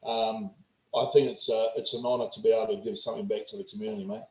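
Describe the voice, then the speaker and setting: A man's voice: lowish voice, fast, gravelly. A New Zealand man in his forties, a performance coach telling stories bluntly and with plenty of swearing in a casual interview. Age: 40s. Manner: blunt, profane, animated storyteller. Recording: roomy echo.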